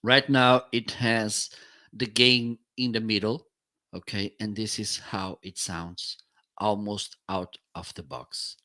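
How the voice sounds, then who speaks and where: Slow, bright-voiced man demoing microphones. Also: fairly low pitch, little pitch movement. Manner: casual, explanatory, trying out microphones on air. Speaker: product reviewer. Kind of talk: live-stream product demo. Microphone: studio microphones on a boom arm.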